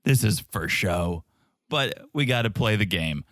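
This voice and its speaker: A man's voice: lowish voice, lively intonation, a little slow, a bit bright, dry recording, clean studio sound. A man co-hosting a podcast, recapping reality TV in casual, wisecracking chat. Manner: wisecracking, skeptical. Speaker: podcast co-host.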